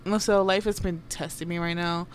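Young woman, low voice, candid rambling rant, swears a lot, faint background hiss. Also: steady tone, normal speed. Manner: candid and rambling, swears freely, slips into Spanish phrases. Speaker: podcast host. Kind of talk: casual personal rant.

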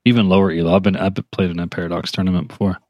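A man's voice: deep voice, flat delivery, very fast, no echo, muffled recording. A man guesting on a casual chat show, joking and playfully boastful. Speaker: podcast guest.

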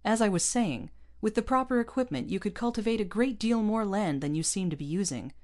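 A woman's voice: medium pitch, lively intonation, brisk, a little mellow, voice pushed up, natural voice. A woman voicing a stern, arrogant male space captain who speaks in a cold, condescending way in a storybook reading. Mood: lecturing.

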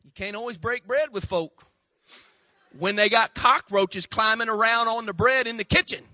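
A man preaches in a folksy, storytelling way and keeps calling on the congregation to answer. His voice sits high and rings bright and sharp. The sound is close and dry. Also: normal speed, no room sound. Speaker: pastor. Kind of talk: sermon.

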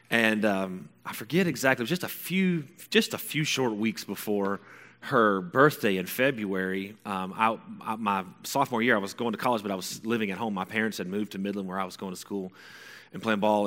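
A man in his forties telling a personal story to an audience, rambling and correcting himself, with bursts of excitement. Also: in a large hall. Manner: rambling and self-correcting, bursts of high excitement when reenacting.

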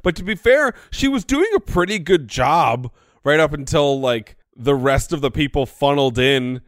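A man's voice: fairly high pitch, expressive, normal speed, no room sound, studio quality. A man co-hosting a podcast, talking through an episode in casual chat and posing reflective questions. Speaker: podcast co-host.

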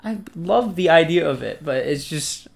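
A man's voice: a little high, animated, moderate pace, vocal fry. A young man co-hosting a casual chat podcast, stammering through restarts and swearing for emphasis. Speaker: podcast co-host and editor.

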